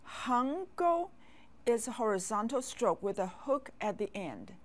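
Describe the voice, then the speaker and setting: A woman teaching a language lesson, speaking with patient, clear classroom delivery and asking learners to repeat after her. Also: medium pitch, normal speed. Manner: patient, drills words and asks learners to repeat. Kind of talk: slow, clear classroom instruction.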